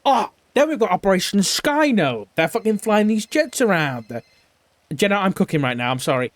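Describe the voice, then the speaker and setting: A man's voice: sits high, big pitch swings, moderate pace, dry recording. A man recapping an investigation in character, rambling and swearing a lot, sometimes mimicking other people. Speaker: roleplay streamer.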